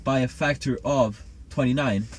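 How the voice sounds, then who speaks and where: A man's voice: medium pitch, moderate pace, a little hiss or hum. Rambling man in casual chat. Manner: rambling, self-assured. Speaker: co-host.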